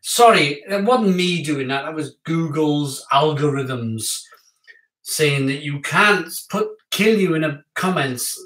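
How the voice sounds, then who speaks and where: A man reviewing craft beer on a live stream in casual, excitable chat with his viewers. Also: a little high, slow, distant mic. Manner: chatty, excitable, talks to viewers. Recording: echoey room, off-mic.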